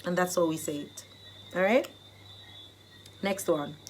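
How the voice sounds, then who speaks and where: A woman with a Jamaican accent who teaches Jamaican phrases in a casual vlog, explaining them and acting them out in lively bursts. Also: on the low side, unhurried, slight background noise.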